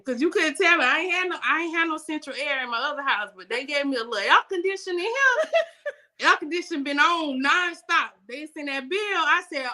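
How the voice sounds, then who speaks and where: A young adult woman guest telling faith stories in a casual, animated way, laughing often and speaking in vernacular. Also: high voice, a little fast. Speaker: guest, business owner.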